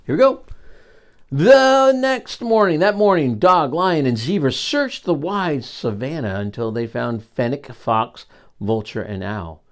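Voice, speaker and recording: A man's voice: fairly high pitch, animated, unhurried. An older man reading a picture book aloud to children, adding encouraging asides to his young listeners. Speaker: grandfather storyteller.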